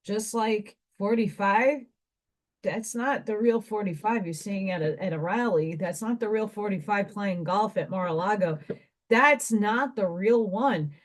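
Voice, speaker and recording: A woman's voice: medium pitch, measured pace. A woman with an ordinary mid-range voice talks to her viewers in a loose spiritual monologue. She meanders from point to point and thinks aloud. She drops casual asides along the way, like a card reader chatting with her regulars.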